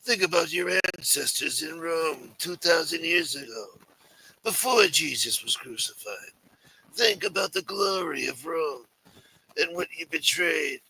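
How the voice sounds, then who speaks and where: A rambling, sentimental mob elder, as a man puts him on, pleading in a raised, bright voice. He wanders from point to point, full of old-world nostalgia. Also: lively intonation, measured pace, creaky, slightly rough, exaggerated voice, low-quality recording. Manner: higher-pitched, rambling and wheedling.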